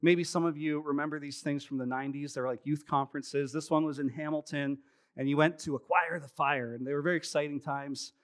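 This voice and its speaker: This pastor, a man in his thirties, preaches a live sermon in the church sanctuary with a fairly high voice, fairly even intonation, and a fairly quick pace. He tells stories to his congregation in a casual, chatty way and makes fun of himself.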